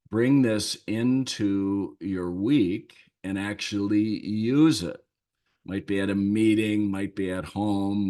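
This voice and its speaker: A man with a fairly low voice hosts a short leadership podcast and tells a story from his work. He speaks very slowly and lets his pauses sit. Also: darkish tone. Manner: unhurried, thoughtful, lingers on pauses. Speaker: leadership coach and podcast host.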